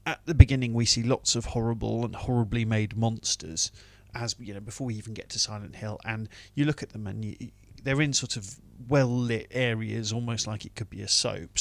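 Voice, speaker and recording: A man's voice: mid-range voice, gravelly, a bit bright, no echo. A British man giving a wry, dismissive film review in a casual monologue. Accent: British English.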